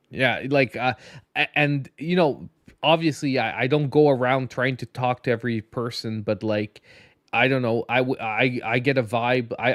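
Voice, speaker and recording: A man's voice: medium pitch, dry recording, clean studio sound. A tired man hosting a casual gaming podcast, rambling with many restarts and a slight lisp. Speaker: podcast host. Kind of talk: casual late-night podcast chat.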